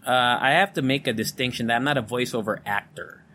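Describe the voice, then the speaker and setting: A man's voice: mid-range voice, fairly quick, sharp tone, a little hiss or hum. Candid man rambling with a neutral American accent. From Philippines. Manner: candid, rambling, swears freely. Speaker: podcast host. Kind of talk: casual solo podcast monologue. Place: home room with electric fan running. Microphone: studio condenser mic.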